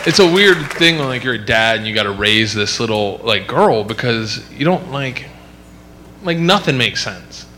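A male stand-up comedian who rambles through his bit, leaning on fillers and slipping into quick acted voices. His pitch sits in an ordinary middle range. Clear background noise runs under the live recording. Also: animated, a crowd in the background.

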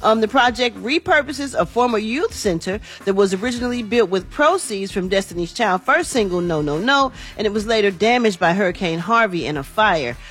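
A woman's voice: medium pitch, lively intonation, fairly quick, few pauses, a bit bright. A woman hosting an entertainment news segment on a morning radio show, talking in a chatty, folksy way. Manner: chatty, folksy, says y'all and honey.

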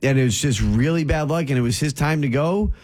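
A man's voice: fairly high pitch, fairly quick, darkish tone. A man co-hosting a casual news chat, talking emphatically with teasing rhetorical questions. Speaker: radio show co-host.

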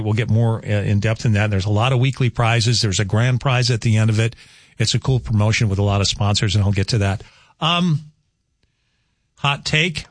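A man's voice: fairly low pitch, dry recording, studio quality. Chatty male radio host. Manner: chatty, rambling, animated asides. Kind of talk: casual morning radio chat. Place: radio studio. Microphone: studio microphone.

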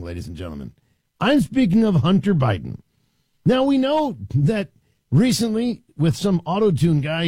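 A man hosting talk radio, his husky voice pitched high and swinging widely as he mocks and riffs. He is close on a studio mic in a dry, dead room, sounding sarcastic and conversational. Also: darkish tone, no room sound. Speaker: radio talk show host. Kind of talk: opinionated talk radio monologue.

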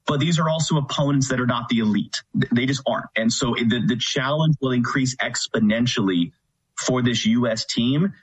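A man, a play-by-play commentator appearing as a guest, breaking down the game in a measured way. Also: medium pitch, breathy edge, low-quality recording. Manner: measured, analytical. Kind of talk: analytical sports talk.

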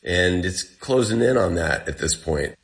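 A man's voice: sits low, animated, measured pace. A man telling a story in a casual way. He acts out the dialogue and says "like" a lot. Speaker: interview guest.

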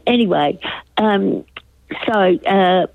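An older woman from Australia with an elocution-trained accent, calling in to a radio show and chatting in a rambling, halting way over the phone. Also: mid-range voice, animated, gravelly, slight background noise. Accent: crisp elocution-trained Australian. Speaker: caller. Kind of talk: casual phone-in chat. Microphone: telephone. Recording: tinny phone line.

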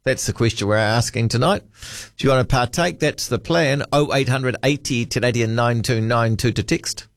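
A man's voice: mid-range voice, moderate pace, no room sound, studio quality. A man hosting late-night talkback radio in a chatty, musing way, reading out listener texts. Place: radio studio.

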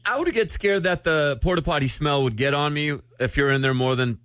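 A man hosts a morning radio show in a casual, joking way, chatting with a caller and asking her questions. His voice sits slightly high for a man, and it is recorded close and dry with no room sound. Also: a little fast, fairly bright tone, dry recording. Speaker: radio host.

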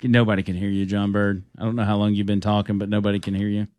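A man's voice: lowish voice, little pitch movement, fast, a little mellow, no echo, studio quality. A man hosting a casual radio talk show, reading listener texts aloud with amused laughs.

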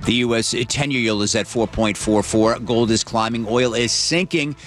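A man reporting markets from a news desk, reading figures in a steady, crisp way. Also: mid-range voice, normal speed, faint music behind.

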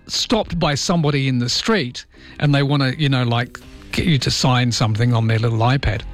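A man with an Australian accent hosting early-morning radio, chatting about listener texts and reading the papers. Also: medium pitch. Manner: chatty, self-deprecating, reads listener texts. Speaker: radio host. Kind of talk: early-morning radio chat and news read.

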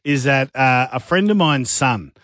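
A deep-voiced Australian man spins a story as a radio co-host, slipping into gruff tradie voices. His sound is dry and close on a studio mic, at a middling pitch for a man. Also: lively intonation, unhurried, a bit bright, no echo. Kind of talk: casual radio banter.

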